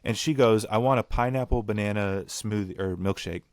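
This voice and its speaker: A man's voice: on the low side, moderate pace, clear, resonant tone, no room sound, clean studio sound. A young man hosting a casual podcast chat, ranting bluntly and swearing. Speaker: podcast host.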